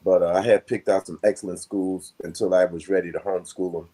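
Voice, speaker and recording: An older man with a low, husky voice talks through a personal story at an unhurried, meandering pace, full of fillers and asides. His manner is reflective and conversational, as if talking with a friend. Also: little pitch movement, warm tone. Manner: rambling, reflective, with many fillers. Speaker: guest.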